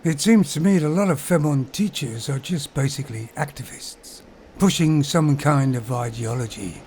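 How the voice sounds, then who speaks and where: A man's voice: a little high, moderate pace, darkish tone, a little hiss or hum. Sarcastic ranting English man. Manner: sarcastic, ranting, chuckles at own remarks. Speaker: vlogger. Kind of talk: opinionated monologue.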